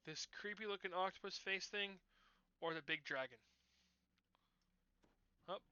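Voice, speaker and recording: A man's voice: high-pitched, measured pace, bright, forceful tone, clear, resonant tone, dry recording, dull audio. A man casually commenting while he plays a video game, rambling through explanations to his viewers. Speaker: gaming channel host.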